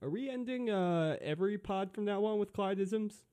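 A man's voice: sits high, animated, normal speed, mellow, clear, resonant tone. A man hosting a casual sports podcast, laid-back and joking as he wraps up the show. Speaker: podcast host.

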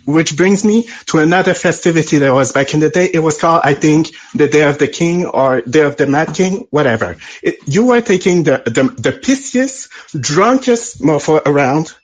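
A man's voice: fairly high pitch, husky. A man from France with a French accent, calling in to give his opinions in a playful, blunt way. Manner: animated, playful and blunt, laughs often. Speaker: caller. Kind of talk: call-in opinion.

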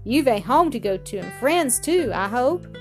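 A woman reading the part of a thin, thrifty little old man from a storybook, speaking gently and without hurry. The voice stays fairly high, and soft music plays faintly underneath. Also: sing-song, moderate pace. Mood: gentle.

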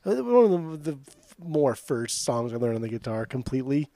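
A man's voice: mid-range voice, sing-song, normal speed, mellow, no echo. A young man co-hosting a casual chat, rambling and hesitant, with some teasing. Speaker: podcast co-host.

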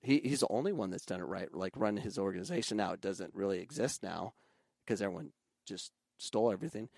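A man with a fairly low, gravelly voice talks about youth soccer in a loose, conversational way. He often jumps up in pitch to mimic other coaches and shouting parents. The sound is close and dry, with no room around it. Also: fast, no room sound. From Arizona. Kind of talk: casual podcast conversation.

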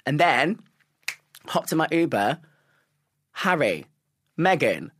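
A young man, a stage actor, chatting as a guest, telling quick animated stories full of slang. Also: fairly high pitch, no room sound. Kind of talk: casual chat.

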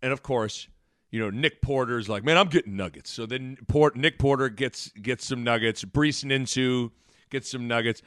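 A man's voice: medium pitch, a little slow, no room sound, studio quality. A man in his thirties, co-hosting a podcast, telling stories casually and laughing often. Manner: animated, laughs often, acts out voices. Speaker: podcast co-host. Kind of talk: casual storytelling chat.

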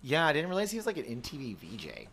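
A man's voice: mid-range voice, wildly swooping pitch, fast talker, creaky, a bit bright, husky. Dry quippy podcast guy, medium voice, lots of up and down, does goofy impressions. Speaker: podcast co-host. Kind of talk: casual chat.

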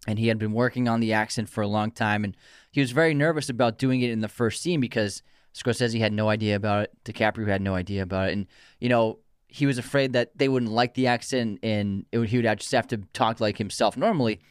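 A man's voice: lowish voice, fast talker, smooth, dry recording, studio quality. Anecdote-telling male podcast co-host. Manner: storytelling, retells behind-the-scenes anecdotes. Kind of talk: casual chat about films.

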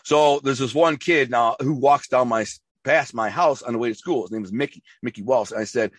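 Fast-talking man telling street stories. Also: mid-range voice, lively intonation, a bit bright, slightly rough, dry recording. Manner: rambling, emphatic storyteller with frequent restarts and street slang. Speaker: interview guest. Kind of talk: casual storytelling interview.

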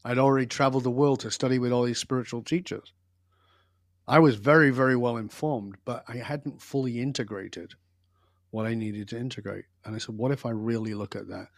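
An older man appears as a podcast guest, telling stories from his life in an emphatic, intense and blunt manner during a reflective interview. His mid-range voice moves a little fast, captured with studio quality and no echo.

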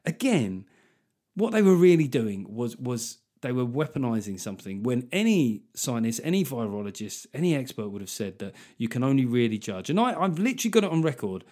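A man hosting a solo podcast, ranting in an animated, sarcastic way and swearing freely. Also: mid-range voice, brisk. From Manchester, England. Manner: animated ranting, swears freely, mocking put-on voices of critics. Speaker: podcast host and comedian.

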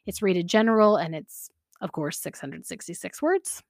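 A chatty woman with a slightly low voice, talking casually as a podcast host. She laughs often and leans on fillers as she goes. The sound is close and dry. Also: lively intonation, normal speed, no echo. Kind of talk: casual chat about fan fiction.

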